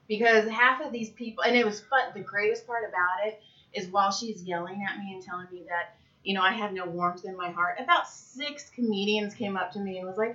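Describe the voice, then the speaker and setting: A woman comedian in casual chat, telling stories in an animated, profane way. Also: medium pitch, fairly quick. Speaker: comedian and podcast co-host. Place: Santa Clarita area. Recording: dull lo-fi recording.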